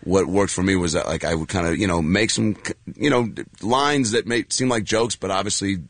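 This man has a low, deep voice and tells his stories in a loose, chatty ramble, full of fillers and restarts. He slips into lively put-on voices when quoting people. The sound is close and dry, with no room echo. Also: brisk. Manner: animated storyteller who acts out quoted voices. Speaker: actor and guest. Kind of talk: casual anecdotal chat.

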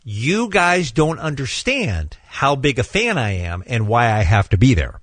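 A man's voice: medium pitch, a little slow, no echo. A man hosting a morning radio show, bantering casually and often laughing. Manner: lively, laughing, exasperated.

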